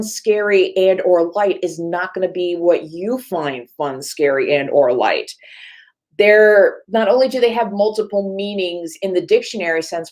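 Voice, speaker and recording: Chatty woman librarian telling a story. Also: medium pitch. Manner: lively storytelling, acts out quoted voices; chatty, self-correcting asides. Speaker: reference librarian. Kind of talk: panel talk presentation.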